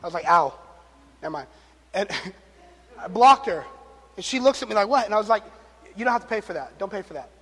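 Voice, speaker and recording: In a sermon, a man acts out the figures of his story, laughing and joking along the way. His voice is high and a little fast with a breathy edge, broken by long pauses. The recording carries a large hall's long reverb.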